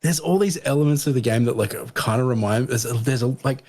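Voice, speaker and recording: A man hosting a casual podcast chat, an animated storyteller who swears and laughs a lot. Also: mid-range voice, fairly quick. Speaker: podcast host.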